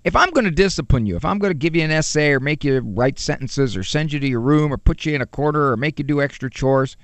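A man gives a parenting talk full of jokes and rhetorical questions. His voice is high and swings widely. The sound is dry and close. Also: fast talker, dry recording. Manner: animated, joking asides, rhetorical questions. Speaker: parenting speaker.

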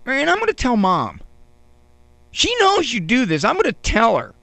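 A man's voice: extremely high pitch, huge pitch swings, takes it slowly, no room sound, pitched above the performer's own voice, full character voice. A man putting on a whiny pleading little boy. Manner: whiny, quivering, groveling.

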